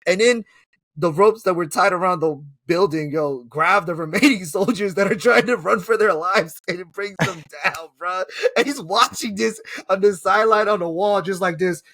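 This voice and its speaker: Excitable slangy man recapping a film. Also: high-pitched, moderate pace, no echo. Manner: excitable, slangy, profane storytelling with laughs. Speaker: movie reviewer. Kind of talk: casual film recap chat.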